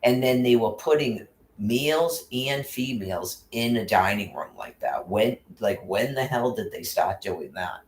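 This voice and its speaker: A man's voice: fairly low pitch, lively intonation, a little slow, a little hiss or hum. A man ranting angrily and rambling, full of profanity and restarts. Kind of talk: casual rant. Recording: roomy echo.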